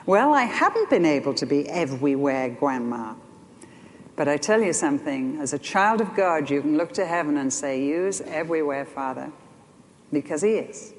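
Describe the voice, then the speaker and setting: An older woman preaching a sermon, telling stories in an animated way that swings between loud and soft. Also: deep voice, slight background noise. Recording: long hall reverb.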